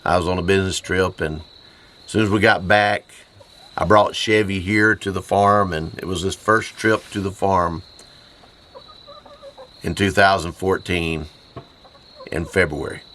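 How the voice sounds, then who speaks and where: A grieving man hosting his homestead channel, choked up, with a hoarse voice and halting speech full of pauses and repeats. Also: steady tone, bright, forceful tone. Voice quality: hoarse, voice lower than usual. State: choked up from grief. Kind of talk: grieving personal vlog. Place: farm in the Appalachian mountains, outdoors.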